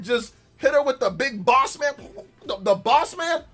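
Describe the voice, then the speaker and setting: A man hosting a gaming livestream in casual chat, telling stories with lots of laughter and loud acted-out quotes. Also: extremely high pitch, measured pace. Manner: animated storytelling, laughs often, acts out quotes loudly.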